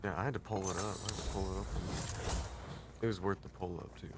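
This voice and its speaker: A man's voice: low-pitched, steady tone, fast, background noise. A man joking and laughing with friends during a game stream. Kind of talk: casual gaming chat.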